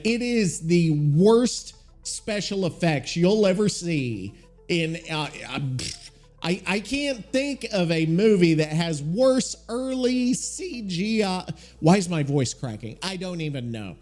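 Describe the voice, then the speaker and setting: Rambling, swearing podcast host, fairly high voice. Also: male voice, a little mellow. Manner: rambling, profane, thinks aloud while looking things up. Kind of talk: casual solo podcast chat.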